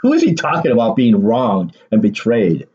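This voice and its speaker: A man's voice: medium pitch, huge pitch swings, normal speed, darkish tone, highs cut off. A man talking through casual political commentary in a rambling way, repeating words and leaning on fillers.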